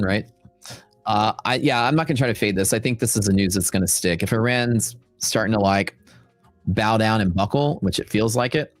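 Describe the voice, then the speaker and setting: A Texan man hosts a trading livestream in a loose, rambling chat. His voice sits low and close on a dry mic, and faint music runs quietly in the background. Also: dry recording. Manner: rambling, chatty, with frequent fillers and asides.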